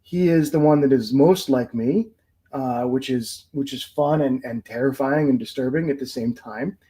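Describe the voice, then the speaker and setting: A man's voice: mid-range voice, moderate pace, warm tone, poor audio. A man in his forties, a podcast guest, telling family stories in casual chat and laughing often.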